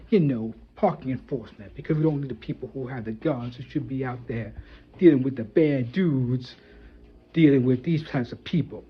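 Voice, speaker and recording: A man voicing a blunt, crass Texan man who talks in a gruff, rambling, slangy way. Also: mid-range voice. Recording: dull lo-fi audio.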